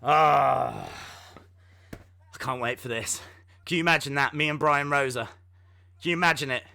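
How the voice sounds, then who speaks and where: A man's voice: mid-range voice, normal speed, gravelly, pushed and bright, no echo. A man hosting a casual live reaction stream, jokey and self-mocking, and out of breath.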